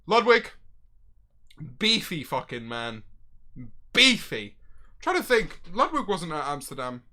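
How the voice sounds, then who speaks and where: A young man telling a story casually as a streamer, animated, swearing often, with loud bursts of excitement. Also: fairly high pitch, slow pace. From Britain.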